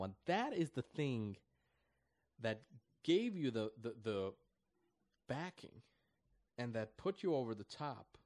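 A man from the United States delivers an animated political rant in a mid-range voice. He presses hard on his points, gets loud and then drops soft, and leaps up in pitch to mock others. The sound is dry and close, with little room around it. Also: no room sound. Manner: mocking voices with high squealing jumps; emphatic, swings loud and soft. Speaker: political commentator.

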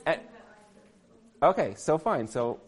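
A man's voice: fairly high pitch, big pitch swings, slow pace. A man in his thirties telling a rambling comic story, full of fillers and laughing at himself.

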